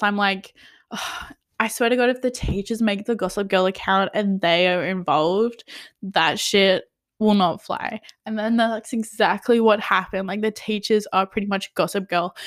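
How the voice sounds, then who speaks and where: A young woman recapping a TV episode in a casual rant, full of "like", swearing, and drops into whispers of disbelief. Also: medium pitch. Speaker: TV recap vlogger.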